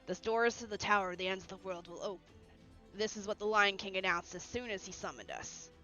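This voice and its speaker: A woman's voice: mid-range voice, brisk, bright, forceful tone, highs cut off, faint music behind, natural voice. A woman reading a stern, unyielding knight. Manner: formal, clipped commands.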